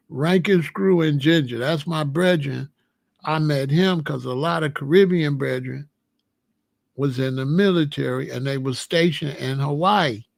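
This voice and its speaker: A middle-aged American man hosting his own show, telling stories in an animated, rambling way and repeating phrases as he goes. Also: a little high, gravelly, dry recording. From United States. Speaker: host. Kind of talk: casual storytelling chat.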